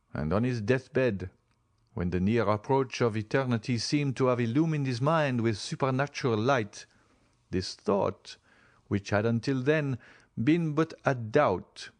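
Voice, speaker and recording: A male audiobook reader voicing an earnest young man who speaks in a steady, sincere way. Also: medium pitch, dry recording, close to an everyday voice. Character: earnest young man recalling his father. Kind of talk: audiobook character reading.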